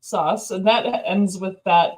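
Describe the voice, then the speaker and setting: Woman, casual chat, playful, mid-pitched. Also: fairly even intonation, slow, husky, rough recording. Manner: chatty and playful, laughs easily.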